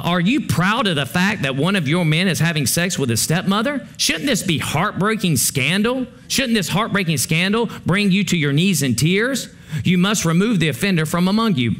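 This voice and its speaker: A male pastor preaching a conversational sermon to his congregation, moving between hushed low passages and rising, urgent ones.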